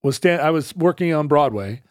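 Casting: middle-aged man, lively storyteller, dry close sound, mid pitch. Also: normal speed, no room sound. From Seattle area. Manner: animated, acts out loud brash characters in his anecdotes. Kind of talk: casual storytelling chat.

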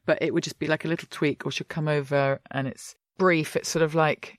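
A woman's voice: low-pitched, brisk, dry recording, studio quality. A woman, an actress chatting in an interview and acting out little quotes. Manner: chatty, animated, acts out quotes. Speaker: actress guest. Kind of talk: casual interview.

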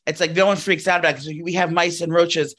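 Guy cohosting a podcast, kinda high voice, rambly and sweary, lots of ums. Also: fairly even intonation, quick pace, fairly bright tone. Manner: rambling, profane, lots of fillers and restarts. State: out of breath. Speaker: podcast co-host. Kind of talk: casual chat. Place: New York apartment.

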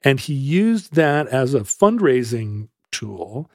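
A man's voice: mid-range voice, slow pace, no echo. Guy telling a long story, bouncy up and down voice, does little voices for people, dry close mic. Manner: animated storyteller who acts out quoted voices. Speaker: podcast host. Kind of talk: casual storytelling chat.

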